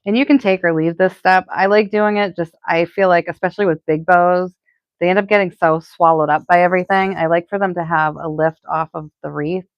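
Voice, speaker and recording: Chatty Boston woman, lowish voice. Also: steady tone, a little fast, no echo, lo-fi sound. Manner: chatty and rambling, many "like" fillers. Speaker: florist hosting a live stream. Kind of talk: casual live-stream chat while crafting.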